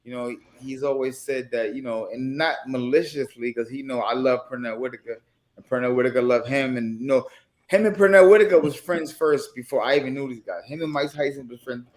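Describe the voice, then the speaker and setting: A former boxing champion sits in on a casual podcast chat. His voice sits in a comfortable middle range, and he reflects on his life in an unhurried, laid-back way, circling back to his points as he goes. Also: mid-range voice. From New York.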